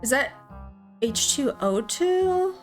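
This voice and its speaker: Slow-talking woman gamer thinking aloud. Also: sits high, very animated, faint music behind. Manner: chatty, thinks aloud, jokey. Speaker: gaming channel host. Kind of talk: casual game commentary.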